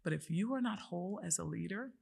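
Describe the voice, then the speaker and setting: Gravelly-voiced woman telling her story. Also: fairly low pitch, animated, fast, darkish tone. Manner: earnest, emphatic storytelling. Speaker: guest. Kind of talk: personal story in a podcast interview.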